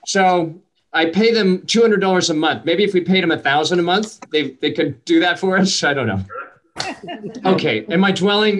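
A middle-aged man hosts a comedy show over a video call, reading out comments in a chatty, rambling way. His voice sits slightly high and his asides are wry and self-deprecating. A faint hiss sits under the call audio. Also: normal speed. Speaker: show host. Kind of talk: casual hosting banter.

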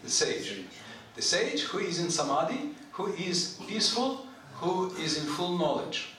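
Male lecturer with a very lively pitch, informal and chatty, quizzing the room; recorded off-mic in a booming hall. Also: measured pace, far from the mic. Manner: animated, chatty, asks the audience questions; clears his throat often. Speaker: lecturer on scripture. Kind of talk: informal scripture lecture to a live group. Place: temple hall. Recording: very echoey hall, voice from off-mic, faint noise.

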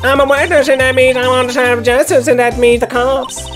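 A woman's voice: high voice, little pitch movement, brisk, soft background music, voice pushed up, natural voice. A woman voicing a brash, cheeky female photographer with a put-on Southern US drawl, folksy and sassy.

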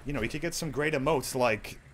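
A young man giving live, excitable commentary while playing a shooter game, swearing and laughing often. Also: medium pitch, brisk, slight background noise. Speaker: streamer.

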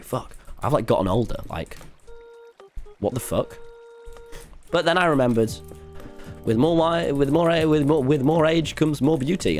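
A young man streaming a game, talking in a chaotic, cheeky way, swearing freely and often laughing. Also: mid-range voice. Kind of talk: casual gaming livestream commentary.

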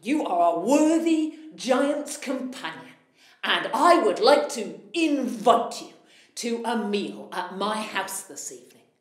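A big, boastful giant who bellows slowly and blusters, as a woman storyteller puts him on. His words are loud and drawn out, with a lingering echo of the room around the voice. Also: fairly high pitch, big pitch swings. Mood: blustering. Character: huge boastful slow-witted male giant. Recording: echoey room.

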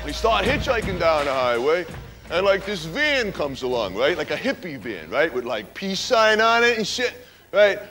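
A man's voice: high-pitched, big pitch swings, normal speed, fairly bright tone, soft background music. A man playing a brash street-tough storyteller. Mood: rowdy. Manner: brash, tough-talking, keeps saying "right?". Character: wild young male hitchhiker spinning a stoner tale. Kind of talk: stage monologue character.

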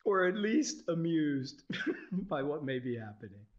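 Man, informal teacher, profane, laughs a lot, lively swooping pitch, dull lo-fi sound. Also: a little slow. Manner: profane, irreverent, laughs often. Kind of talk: informal spiritual talk. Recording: dull lo-fi recording.

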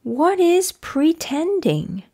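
A woman's voice: mid-range voice, sing-song, slow, dark tone. A woman voicing a cautious, worried male elephant who keeps asking puzzled questions, in a children's picture book read-aloud.

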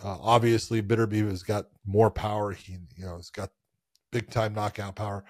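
A man co-hosting a casual sports podcast, telling stories in a loose, animated, profane way. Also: fairly low pitch, normal speed, no room sound, studio quality. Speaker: podcast co-host.

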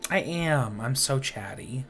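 Playful, lively-voiced man gaming with music. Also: medium pitch, slow. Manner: playful, chatty, reacts aloud, swears and jokes. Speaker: let's play gamer. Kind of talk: playthrough commentary and reading game text aloud. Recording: game music playing under the voice. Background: game music.

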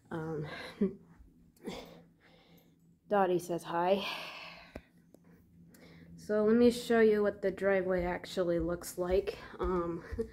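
A woman's voice: mid-range voice, dark tone. A young woman out of breath after shoveling snow, chatting casually to her phone camera outdoors with sighs and laughs. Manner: chatty, sighing and laughing between phrases. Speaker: vlogger. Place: outdoors in deep snow by a driveway.

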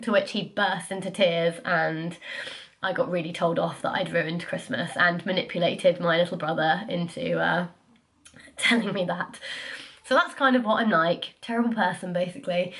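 A woman's voice: fairly low pitch, steady tone, normal speed, a bit bright. A young woman, chatting casually to camera about her life, sniffly, self-deprecating and full of fillers. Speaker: vlogger.

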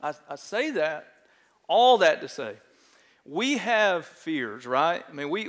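Middle-aged texan pastor preaching, kinda high voice, big echoey church hall, animated storyteller. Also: male voice. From Texas. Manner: animated, self-mocking storyteller, often asks "right?". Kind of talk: sermon with storytelling. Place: large church sanctuary. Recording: long church hall reverb.

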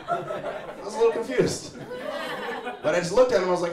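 A man's voice: high voice, big pitch swings, fast talker, pauses often, very noisy. A young man from Chicago doing a laid-back, wry stand-up set, acting out the people he talks about. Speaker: stand-up comedian. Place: small apartment living room with a live audience. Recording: roomy live recording with audience laughter.

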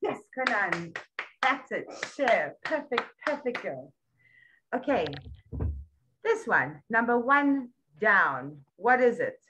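A woman tutoring a young child one-on-one, patient and full of praise, repeating words slowly. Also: a little high, big pitch swings, pushed and bright, a little hiss or hum, rough recording. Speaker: English tutor.

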